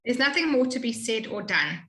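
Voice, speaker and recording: A woman tutoring a student in Hebrew reading, explaining patiently and slowly modeling each sound. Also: on the high side, very animated, a bit bright, roomy sound, low-quality recording. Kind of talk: one-on-one reading lesson.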